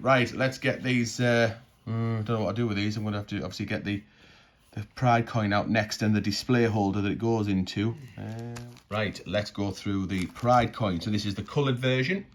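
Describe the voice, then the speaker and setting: A man's voice: fairly low pitch, slight background noise. A man musing aloud in a casual unboxing commentary, chatty and tripping over words. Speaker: coin collecting vlogger.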